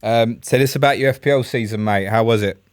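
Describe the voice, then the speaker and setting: A man's voice: mid-range voice, fairly quick, clear, resonant tone, no room sound, studio quality. A man co-hosting a podcast, blunt and teasing in casual banter. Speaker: podcast co-host. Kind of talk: casual chat.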